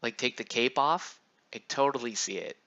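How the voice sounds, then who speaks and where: A man's voice: mid-range voice, moderate pace, pushed and bright. A man casually chatting and rambling while he paints miniatures on a live stream, with loose slangy talk. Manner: laid-back, rambling, slangy. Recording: dull lo-fi stream audio.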